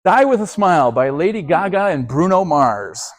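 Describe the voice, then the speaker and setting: A man's voice: a little high, big pitch swings, normal speed. A man teaching a youth group as their pastor. He talks in a conversational way, keeps asking "okay?" and often restarts and repeats his words.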